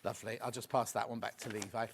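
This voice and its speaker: A man presenting a live TV shopping demo, chatty and excitable, gushing over the products and chatting with viewers and crew. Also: mid-range voice, quick pace, creaky, husky.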